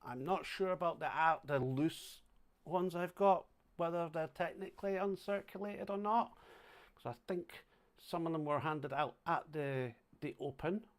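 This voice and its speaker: A middle-aged Scottish man chatting casually on a home livestream, thinking aloud as he sorts banknotes, with sudden loud exclamations. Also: fairly high pitch, fairly even intonation, a little slow. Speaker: coin and banknote collector livestreaming. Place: home flat indoors.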